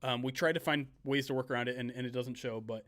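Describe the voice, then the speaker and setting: A man hosting a live video stream, talking casually with lots of fillers and quick bursts, speaking through a video call mic. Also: medium pitch, steady tone, a bit bright. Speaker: host.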